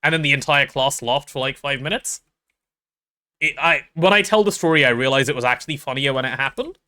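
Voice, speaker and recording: A man's voice: mid-range voice, animated, a little fast, sharp tone. A young man chatting casually while streaming a game, rambling and playful with self-deprecating stories. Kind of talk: casual gaming stream chat.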